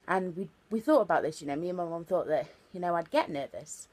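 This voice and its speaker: A woman's voice: lowish voice, fast talker, few pauses. A woman of twenty telling a chatty, earnest story for her vlog, full of fillers and repeated words. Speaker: vlogger.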